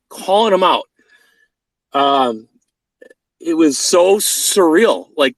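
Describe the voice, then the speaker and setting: A man's voice: fairly high pitch, a bit bright, dry recording, low-quality recording. A man in his thirties telling a personal story in a blunt, profane way, acting out the quoted lines. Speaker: vlogger. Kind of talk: casual storytelling monologue.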